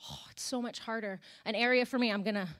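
A woman's voice: on the high side, fast, fairly bright tone. A young woman, a worship leader, preaching a candid, conversational sermon with sighs and emotional moments.

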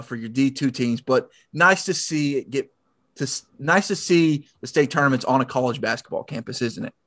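A man's voice: medium pitch, dry recording. Chatty Southern man, dry close sound. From Tennessee. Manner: chatty, self-deprecating, stumbles over words. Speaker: podcast co-host. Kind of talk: casual sports chat.

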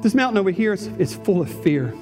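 A man's voice: sits high, sing-song, fast talker, over music. A male pastor preaching a sermon in a church, emphatic and repetitive. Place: church sanctuary.

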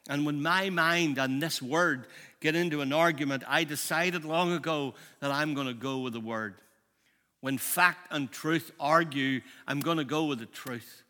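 A man, preaching a sermon as a pastor, impassioned and shifting between loud and hushed. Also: a little high. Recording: long hall reverb.

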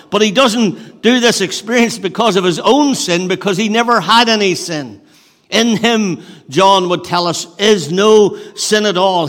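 High-voiced male preacher in a reverberant hall. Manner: earnest, builds emphasis then drops to a hush, frequent restarts. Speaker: pastor. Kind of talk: sermon.

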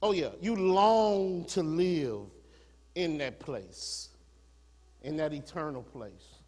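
A man's voice: fairly high pitch, takes it slowly, darkish tone, long reverb tail. A man preaching a sermon to his congregation as pastor, moving from easy conversational storytelling to rising, fervent preaching. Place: church sanctuary.

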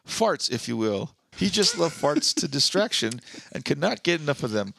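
A man co-hosting a casual comedy podcast, reading aloud from notes with quick off-the-cuff asides. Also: fairly high pitch, sing-song, gravelly, a bit bright, husky. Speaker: podcast co-host. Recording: dry close-miked podcast audio.

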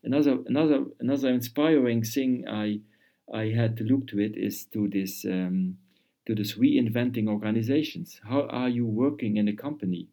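Man, interview guest, halting and repetitive, warm dark tone. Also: mid-range voice, vocal fry. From Luxembourg. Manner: halting, repeats words while searching for phrasing. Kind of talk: conversational interview.

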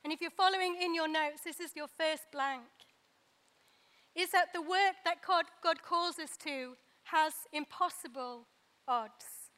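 A woman preaching a sermon, pausing for effect and acting out the lines she quotes. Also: sits high, a bit bright. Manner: dramatic pauses, acts out quoted dialogue.

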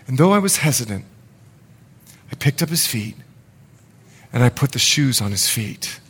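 A male pastor preaching a sermon, swinging from loud urgency to hushed confession. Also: mid-range voice, sing-song, normal speed, husky.

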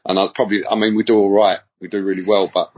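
A man's voice: fairly low pitch, little pitch movement, fast talker, breathy edge. A middle-aged man from England, telling stories as a podcast guest in a rambling, slangy way, often repeating words. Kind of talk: casual storytelling interview. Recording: dull lo-fi audio.

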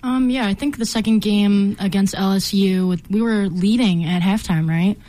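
A woman's voice: medium pitch, moderate pace, warm tone. A young woman co-hosting a radio sports show, chatting casually with lots of "like" and "um". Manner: chatty, many likes and ums. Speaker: co-host. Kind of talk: casual chat.

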